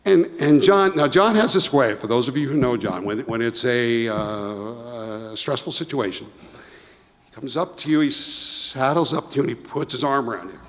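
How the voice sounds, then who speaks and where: Middle-aged male presenter, storytelling award toast, acts out the dialogue, mid-pitched, long hall reverb. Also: normal speed. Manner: animated storytelling, acting out quoted dialogue. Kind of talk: anecdotal award speech.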